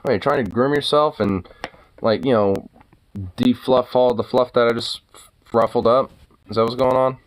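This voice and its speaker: A man's voice: medium pitch, steady tone, normal speed, pauses often, a little hiss or hum, poor audio. A man talking casually to his pet dog, teasing and exasperated, swearing freely. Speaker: dog owner.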